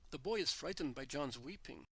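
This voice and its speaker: A man narrating a devotional text in an earnest, measured manner. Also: a little high, lively intonation, sharp tone, breathy edge, no echo. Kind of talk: scripted devotional reading.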